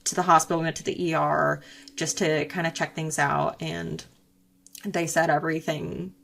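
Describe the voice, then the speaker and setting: A woman's voice: low voice, little pitch movement, moderate pace, vocal fry, a bit bright. A young woman, a guest in an interview, telling a personal story in a candid, reflective way with frequent fillers.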